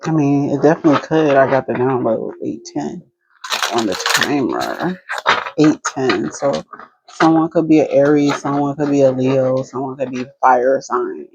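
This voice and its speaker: A woman's voice: rumbling low, normal speed. A woman with a New Jersey accent giving an intuitive tarot reading, musing aloud and speaking to spirit as she pulls cards. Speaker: tarot reader. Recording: clear background noise.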